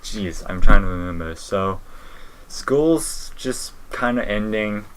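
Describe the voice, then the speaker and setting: A man's voice: on the low side, expressive, slow, slight background noise. A young man co-hosting a podcast, telling a story in a rambling way, with lots of fillers and swearing. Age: young adult. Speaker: podcast co-host. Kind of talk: casual podcast chat.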